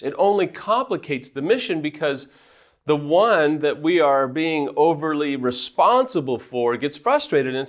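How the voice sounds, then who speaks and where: A man coaching couples in affair recovery, speaking directly to viewers in an earnest, emphatic way with self-deprecating asides. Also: on the high side. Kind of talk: direct advice talk to viewers.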